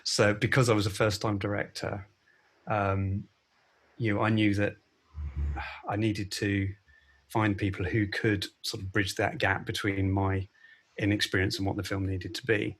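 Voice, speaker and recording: Male director, low and husky, halting delivery. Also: little pitch movement, a bit bright. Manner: hesitant, with many fillers and restarts. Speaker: film director. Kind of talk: interview answers.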